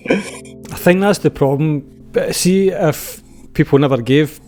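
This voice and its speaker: A Scottish man talks through an idea earnestly on a podcast, stopping and restarting as he goes. His voice is a little high, and faint music plays behind him. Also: slow pace, darkish tone. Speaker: podcast co-host. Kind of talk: casual chat.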